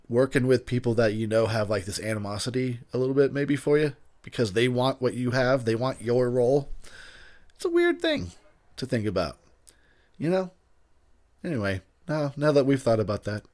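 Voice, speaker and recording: A man's voice: mid-range voice, big pitch swings, normal speed, a little mellow. A tipsy man hosting a casual movie commentary, rambling and laughing often.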